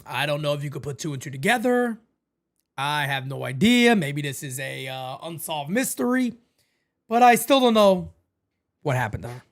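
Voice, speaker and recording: A man hosting a live-stream watch party, calling the baseball game and chatting with viewers in a casual, excitable way. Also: normal speed. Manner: animated, jumps into high excited calls then drops low and quiet.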